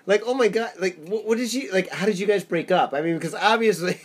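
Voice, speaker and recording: A man's voice: high voice, fast, slightly rough. A man co-hosting a podcast, teasing the storyteller and cutting in with questions. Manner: teasing, laughing, interjecting questions. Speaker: podcast co-host. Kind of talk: casual chat.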